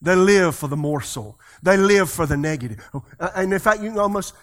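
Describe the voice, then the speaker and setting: A pastor preaching a sermon, leading the congregation in call-and-response and swinging his voice between loud and soft. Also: high-pitched, lively intonation, brisk.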